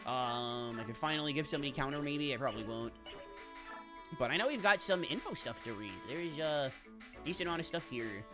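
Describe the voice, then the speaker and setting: A woman's voice: extremely low pitch, expressive, brisk, music in the background. A woman streamer chatting casually with her viewers in a chatty, bubbly way. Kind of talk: casual live-stream chat.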